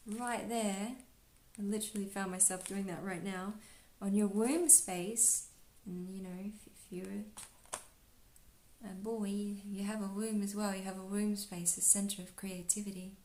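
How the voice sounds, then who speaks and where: A woman giving a relaxed spiritual card reading, talking softly and dreamily with lots of "like" and "you know.". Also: mid-range voice, echoey room. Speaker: astrology and oracle card reader.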